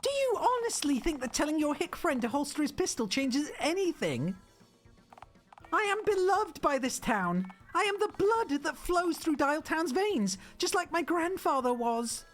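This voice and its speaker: A woman's voice: high-pitched, very animated, measured pace, soft background music, voice pushed up. A woman voicing a haughty, villainous female cat mayor in a game, with grandiose, sneering speech. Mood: gloating. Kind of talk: reading a game's dialogue aloud.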